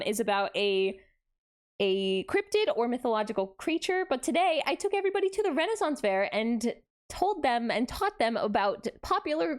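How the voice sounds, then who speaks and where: Bubbly high-voiced woman streamer. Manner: bubbly, gasping greetings to chat, frequent laughs. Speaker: VTuber streamer. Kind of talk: casual live-stream chat.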